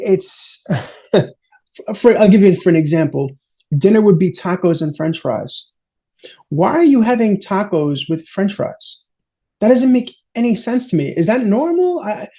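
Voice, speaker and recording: A man being interviewed, telling family stories in an animated, exasperated way with frequent restarts. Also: sits high. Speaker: interview guest. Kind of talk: casual storytelling interview. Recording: dull lo-fi audio.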